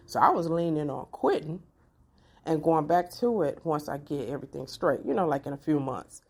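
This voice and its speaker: Low-voiced middle-aged woman vlogger. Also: moderate pace. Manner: animated, expressive, talks straight to viewers. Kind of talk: personal storytelling to camera.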